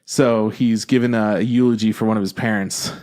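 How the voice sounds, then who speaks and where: A man's voice: lowish voice, fairly even intonation, moderate pace, darkish tone. Rambling, swearing podcast co-host man. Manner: loose, rambling, swears freely. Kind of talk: casual chat.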